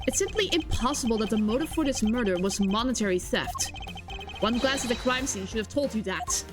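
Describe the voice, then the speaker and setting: A woman performing a composed male prosecutor from a game, who speaks calmly and formally in a deliberately lowered voice. The delivery is measured and precise, with plenty of rise and fall, while game music plays clearly underneath. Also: natural voice. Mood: cool.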